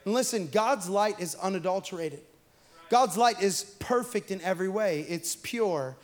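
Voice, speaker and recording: A young man with a high, light voice preaches. He tells his stories casually and chattily, then climbs to loud, shouted points for the congregation. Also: animated, moderate pace. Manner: conversational storytelling, swinging to shouted emphasis. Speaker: pastor. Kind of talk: sermon.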